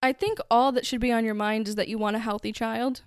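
Smooth-voiced woman hosting a podcast. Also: on the high side, fairly even intonation, brisk, dry recording, clean studio sound. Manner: chatty, conversational storytelling. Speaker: podcast host. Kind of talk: casual true-crime podcast narration.

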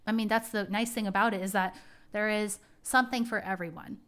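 Woman host, casual rambling chat, heartfelt and talkative, mid-pitched. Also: steady tone, brisk, a bit bright. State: tearing up. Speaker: podcast host. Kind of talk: casual personal talk.

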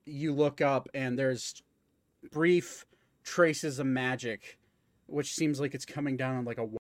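A man's voice: mid-range voice, fairly even intonation, measured pace, no room sound, studio quality. A man narrating a tabletop game as game master, hesitant with many fillers.

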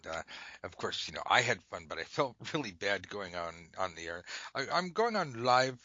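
A man improvising comic stories on a podcast, animated and giggly. His voice is bright and swoops up and down. The recording is dull lo-fi in a dead, dry room. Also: fairly low pitch, normal speed, no echo. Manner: animated, laughs often, jumps into silly voices. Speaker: podcast co-host. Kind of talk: improvised comic storytelling game.

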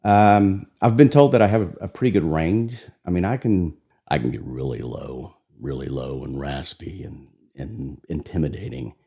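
A man who narrates audiobooks, with a deep, raspy voice, chatting in an easygoing, talkative way. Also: normal speed, dull audio. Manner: relaxed, talkative, with restarts. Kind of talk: conversational interview.

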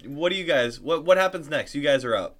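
Young male co-host, a bit tipsy, crude teasing storyteller, animated delivery with a bright, forceful tone. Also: a little high, fairly quick. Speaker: podcast co-host. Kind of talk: casual comedic banter.

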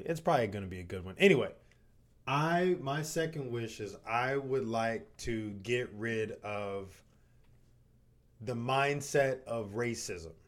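A young man co-hosting a casual podcast, relaxed and jokey, with offhand swearing. His voice sits at an ordinary middle pitch for a man, and his talk is easygoing and conversational. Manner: laid-back, joking, swears casually. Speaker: podcast co-host. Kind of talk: casual chat.

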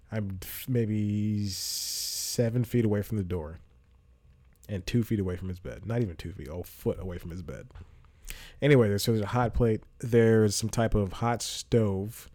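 A man's voice: lowish voice, dark tone. A man hosting a casual solo podcast from a small apartment room, rambling and self-mocking, laughing often. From Georgia, USA. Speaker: podcast host. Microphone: headphones and studio microphone.

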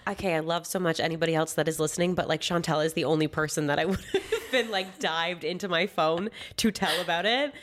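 A young woman co-hosting a podcast, telling a story in a relaxed, easygoing way in casual chat. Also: fairly low pitch, a little fast, few pauses. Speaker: podcast co-host.

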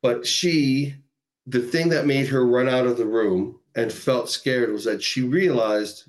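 Guy from canada rambling thru a story, lots of like and you know, middle pitch. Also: measured pace. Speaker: podcast guest, musician. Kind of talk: casual storytelling chat.

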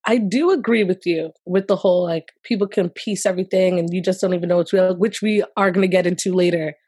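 Husky woman, animated gossip chat. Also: lowish voice, fast talker, no echo, clean studio sound. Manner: animated, gasping and laughing while reading messages aloud. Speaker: podcast co-host.

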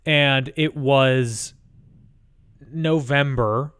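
A man co-hosting a podcast over a remote call, telling rambling stories with deadpan asides. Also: medium pitch, extremely slow, smooth. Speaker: podcast co-host. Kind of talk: casual chat. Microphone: remote call mic.

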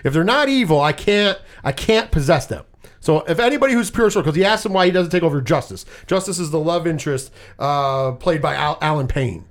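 A man hosting a casual movie review chat, talking in an animated, profane way and acting out scenes in quick put-on voices. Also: on the high side. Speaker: podcast host.

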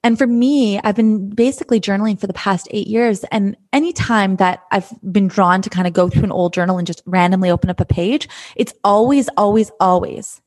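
A woman's earnest, gentle voice, speaking as a life coach in a reflective monologue. She circles back on her own phrases, repeating words as she thinks aloud. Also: medium pitch.

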